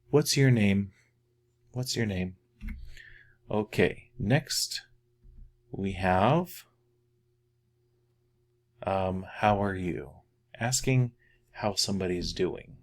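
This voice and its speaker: Slow, patient man teaching French. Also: on the low side. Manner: patient, repeats French phrases slowly and louder for practice. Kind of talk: slow spoken language lesson.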